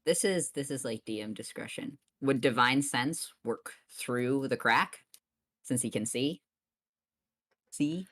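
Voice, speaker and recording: A woman's voice: rumbling low, slow pace, no room sound, studio quality. A woman playing a tabletop game, asking questions and thinking aloud in casual, giggly chat. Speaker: player.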